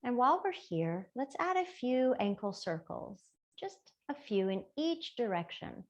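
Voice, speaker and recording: A woman teaching a gentle yoga class, with soft, playful step-by-step cues. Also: fairly high pitch, sing-song, dull audio. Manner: soft, slow, playful cueing.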